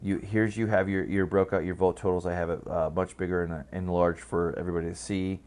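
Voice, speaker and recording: A man's voice: deep voice, level tone, fast talker, darkish tone. A man giving casual, rambling political commentary, blunt and profane, full of fillers and restarts.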